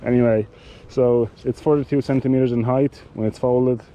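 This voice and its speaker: A man giving a casual product demonstration of cycling gear, talking in a halting way with many fillers and restarts. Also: medium pitch, fairly even intonation, mellow, highs cut off, a little hiss or hum.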